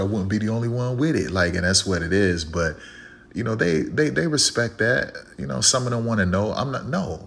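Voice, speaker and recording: A man's voice: deep voice, vocal fry, fairly bright tone, a little hiss or hum. A man talking in a casual, preachy monologue, repeating phrases and firing rhetorical questions. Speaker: online commentator.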